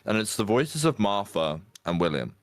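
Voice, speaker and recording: A man's voice: on the low side, big pitch swings, normal speed, soft background music. A man narrating a tabletop horror game as game master.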